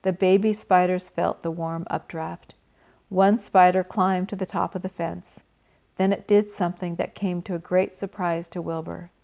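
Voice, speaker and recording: A woman reading a children's book aloud in a gentle, expressive way, adding small asides for her listeners. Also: lowish voice, normal speed, creaky. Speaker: storyteller. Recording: slightly dull recording.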